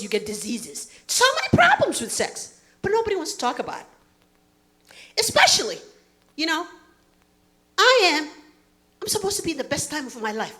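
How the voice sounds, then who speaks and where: A woman, doing a brash, profane stand-up comedy set. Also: a little high. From Somalia. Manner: brash, loud outbursts, profane.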